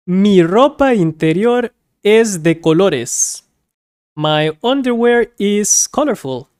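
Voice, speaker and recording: A woman teaching a beginner Spanish lesson, repeating each word slowly and carefully, with light laughs as she explains. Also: mid-range voice, a little mellow, smooth, dry recording, clean studio sound. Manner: slow, careful repetition of words.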